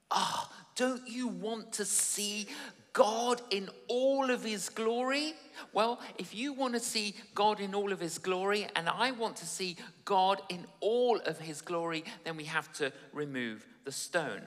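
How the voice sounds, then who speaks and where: A man's voice: high-pitched, a little slow, sharp tone, big-room sound. A man preaching a sermon at a church service, emphatic and repeating his phrases for effect.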